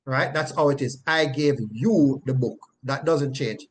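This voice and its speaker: Guy teaching a bible lesson, middle pitch, keeps asking right? as he explains. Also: a little slow, slight background noise.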